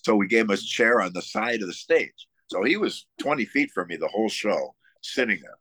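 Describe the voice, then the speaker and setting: A man's voice: lowish voice, animated, a little fast, pushed and bright, no echo. A man from the Buffalo area, a musician guest in a casual interview, telling stories with enthusiasm between many fillers and restarts. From United States, Buffalo area. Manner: enthusiastic storytelling.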